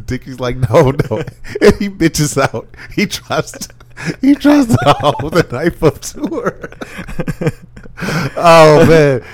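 A man co-hosting a casual podcast chat, retelling scenes in an animated, slangy way with lots of laughter. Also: on the high side, slow. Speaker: podcast co-host.

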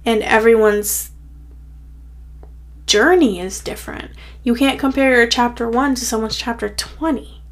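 A woman's voice: a little high, fairly bright tone. A young woman hosting her own podcast, talking in a chatty, rambling way full of "like", a bit tired and out of breath. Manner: chatty, rambling, heavy filler "like". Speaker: podcast host. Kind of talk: casual solo podcast pep talk.

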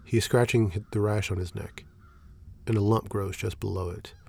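A man reading a horror story aloud in a steady, measured way, with a gravelly voice. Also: on the low side. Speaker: narrator.

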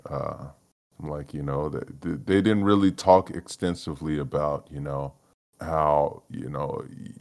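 Very deep-voiced man ranting casually. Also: fairly even intonation, a little slow, darkish tone. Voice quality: profane, rambling, laughs often. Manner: low-energy, mumbling, trailing off. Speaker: podcast host. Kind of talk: solo casual rant.

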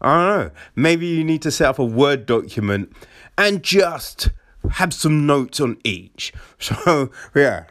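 Animated laughing man ranting casually. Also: a little high, slow pace. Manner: laughs often, swears, animated rants. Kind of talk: casual chat.

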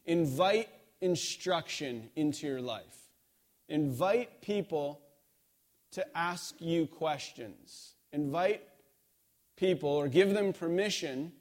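Conversational man preaching, slightly high voice. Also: darkish tone. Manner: conversational storytelling, acts out quoted dialogue. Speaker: pastor. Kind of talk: sermon.

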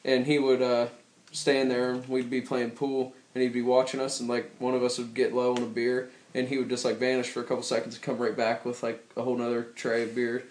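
A young man trades casual, joking talk as a podcast co-host, meandering through his thoughts with stretched-out pauses. His delivery stays fairly flat in pitch. The recording carries a noticeable room echo. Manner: rambling, joking, drawn-out pauses. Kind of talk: casual chat. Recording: echoey room.

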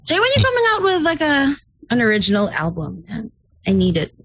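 Lively, giggly woman co-host. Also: on the high side, brisk. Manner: giggly, teasing, switching between languages. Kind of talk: casual chat.

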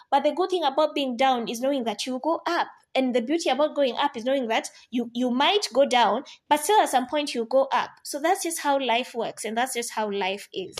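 A woman in her thirties hosting a podcast, sharing life lessons in a casual monologue with playful asides and mock quotes. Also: high voice. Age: 30s. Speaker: podcast host.

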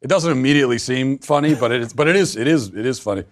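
A man's voice: mid-range voice, fast. A man guest in a casual book discussion, thoughtful and restarting phrases as he works out his points. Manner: thoughtful, repeats words as he builds his point.

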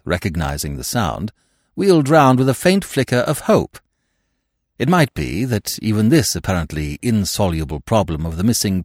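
Male audiobook narrator, wry and expressive, animated delivery, dry studio sound. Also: fairly low pitch, no echo.

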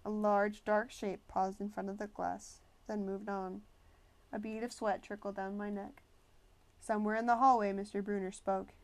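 Female audiobook narrator, mid pitch, measured storytelling. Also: flat delivery. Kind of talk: first-person novel narration.

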